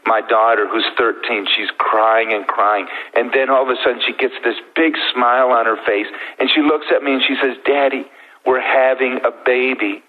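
A middle-aged man telling his personal story as a guest, earnest and heartfelt with slow pauses. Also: mid-range voice, fairly even intonation. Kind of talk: emotional personal testimony. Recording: thin phone-like sound.

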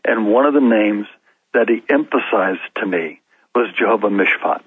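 A man's voice: on the low side, normal speed, slightly rough, dry recording. A man telling his story as a guest on a talk show, with frequent restarts and laughs in between. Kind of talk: storytelling interview answers. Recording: narrow, phone-like dry sound.

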